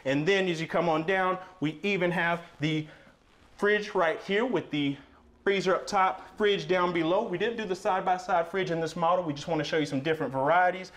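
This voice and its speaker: Upbeat male tour host, high-pitched, playful sales patter. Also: moderate pace, fairly bright tone. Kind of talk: promotional walkthrough.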